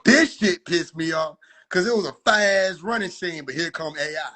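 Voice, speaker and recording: A young man reacts to his own clips with casual, profane commentary, sounding exasperated and frequently shouting in disbelief. His voice is high-pitched and he talks at a normal speed.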